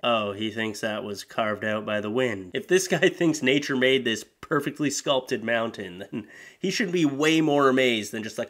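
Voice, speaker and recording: A man's voice: medium pitch, animated, normal speed, a bit bright. A man hosting comedic commentary, reading posts aloud with crude, mocking sarcasm and exaggerated voices. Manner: sarcastic, crude, mocking, laughs at his own jokes. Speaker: commentary host.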